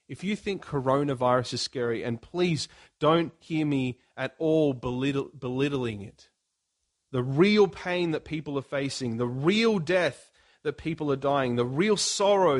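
A middle-aged pastor preaching a sermon, earnest and emphatic with dramatic pauses. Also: male voice, a little high.

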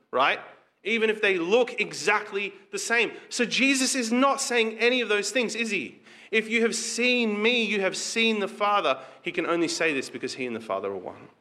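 A man's voice: high-pitched, very animated, normal speed, sharp tone. A pastor preaching a conversational sermon to his congregation, asking rhetorical questions and reading scripture aloud.

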